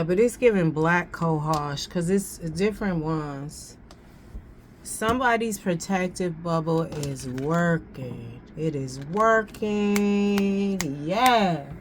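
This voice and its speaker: A woman reads tarot in a slow, unhurried way, dwelling on each card. Her voice sits a little low, and her talk is slangy and loose, with phrases repeated as she works things out. A faint hum of the room sits behind her. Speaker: tarot reader. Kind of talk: casual tarot reading.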